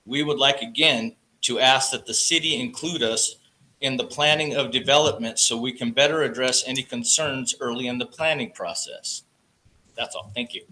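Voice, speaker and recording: A man's voice: mid-range voice, normal speed, sharp tone, rough recording. A man reading a prepared statement at a public meeting. He says he gets nervous and stutters. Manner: nervous, stutters, reads carefully. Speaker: public commenter, water company representative. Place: council chamber.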